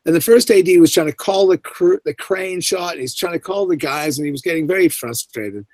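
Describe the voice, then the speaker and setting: A middle-aged actor, appearing as an interview guest, tells an anecdote from a film set in a voice that runs a bit high for a man. He acts out the people he quotes with lively, big jumps in pitch. The sound is dry and close, with no echo and almost no room around it.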